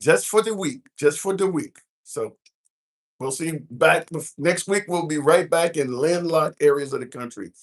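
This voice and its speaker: A man's voice: fairly high pitch, moderate pace. A man from the American Midwest hosting a casual live stream, chatting and reading comments aloud with frequent fillers. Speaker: livestream host. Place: cruise ship at sea.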